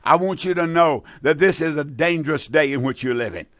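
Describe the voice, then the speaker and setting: A man's voice: on the high side, a bit bright, dry recording. Old guy in his 80s preaching on call-in radio, stumbles and repeats himself. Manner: halting, repeats words, earnest.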